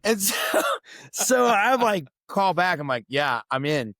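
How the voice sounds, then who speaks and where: On a podcast, a middle-aged veteran recounts a story in relaxed chat, swearing often and mimicking the people he quotes. His voice is on the high side, sing-song and slow, a bit bright, with no echo.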